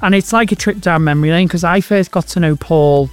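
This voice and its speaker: High-voiced, effusive man in his thirties. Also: clean tone, dry recording, soft background music. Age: 30s. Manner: effusive, emotional, quick to laugh. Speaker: interview guest, stage performer. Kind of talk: casual chat.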